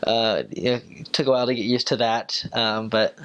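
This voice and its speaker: This young man, back from his mission, recounts stories in a laid-back way at normal speed, his voice clear and resonant. He leans on plenty of fillers and raises his pitch sharply for quoted lines.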